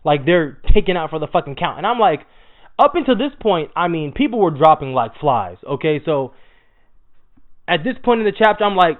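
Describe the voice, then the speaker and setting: A man's voice: on the high side, a little fast. Slangy young man, tinny phone-like sound. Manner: animated, slangy, swears freely. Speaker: anime manga reviewer. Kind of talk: casual profane chapter recap.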